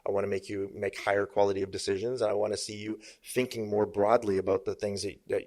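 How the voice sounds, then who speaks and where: Emphatic low-voiced male business coach. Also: flat delivery, quick pace, darkish tone. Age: middle-aged. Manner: emphatic, uses sparring metaphors, asks "make sense?". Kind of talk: conversational podcast interview. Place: podcast studio.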